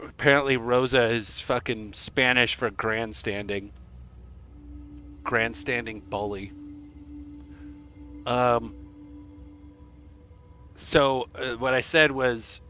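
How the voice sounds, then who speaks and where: A young man streaming to his chat, telling a rambling, profane story in a casual, animated way. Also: medium pitch, slow, pauses often, smooth, faint music behind.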